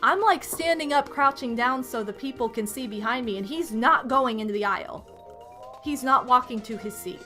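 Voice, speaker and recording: A young adult woman streamer ranting to her chat in an exasperated, animated way, swinging between loud outbursts and muttered asides. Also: fairly high pitch, moderate pace, faint music behind.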